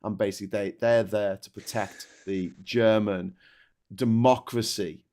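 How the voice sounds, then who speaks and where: A man's voice: on the low side, fairly even intonation, measured pace, darkish tone. A man hosting a casual political chat, talking hesitantly with stammered restarts and reading out viewer comments.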